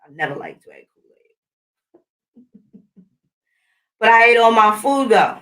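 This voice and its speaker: A middle-aged woman speaks straight to her channel's viewers in a casual, combative rant. She talks bluntly and swears often. Her voice sits a little higher than most women's. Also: big pitch swings, slow, fairly bright tone, distant mic. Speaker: channel host. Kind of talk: casual ranting monologue.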